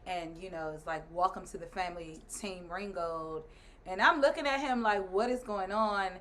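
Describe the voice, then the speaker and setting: A guest who is also the host's wife, a woman in her thirties, recounts a story in relaxed conversation. She laughs and performs others' lines with animation, speaking in a mid-range voice at a moderate pace.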